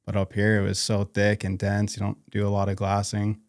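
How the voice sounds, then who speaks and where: North idaho guy on a podcast, low flat voice, lots of ums and restarts, dry sound. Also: dry recording. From North Idaho, USA. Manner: halting, lots of fillers and restarts. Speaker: podcast guest. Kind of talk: casual interview conversation.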